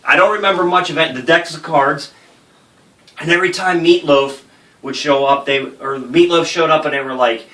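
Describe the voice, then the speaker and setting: Man, host, casual profane storytelling, bright tone, echoey room, distant mic. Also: a little high, normal speed. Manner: profane, animated anecdote-telling with laughs. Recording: roomy, distant mic with faint noise.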